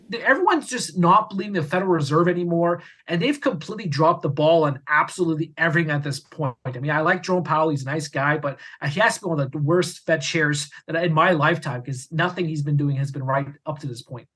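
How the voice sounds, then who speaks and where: Fast-talking male economics commentator. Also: fairly high pitch, a bit bright, slightly rough. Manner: rapid, detail-packed explaining. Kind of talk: panel discussion commentary.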